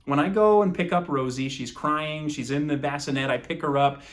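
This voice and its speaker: A man's voice: a little high, normal speed. Earnest man preaching a sermon. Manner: earnest, builds from soft to impassioned. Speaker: pastor.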